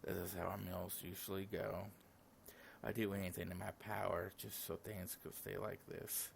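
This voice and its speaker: Gravelly low-voiced man reading a game. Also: little pitch movement, normal speed, slight background noise. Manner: reads every character's lines in his own voice, with casual asides. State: sleepy, yawning. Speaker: gaming channel host. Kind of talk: reading a visual novel aloud.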